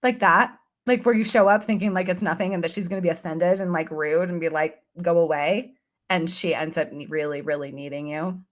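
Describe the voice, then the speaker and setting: A woman's voice: fairly low pitch, fairly quick, hardly any pauses. A woman guest on a podcast, telling a personal story in an earnest, chatty way and acting out her own past thoughts.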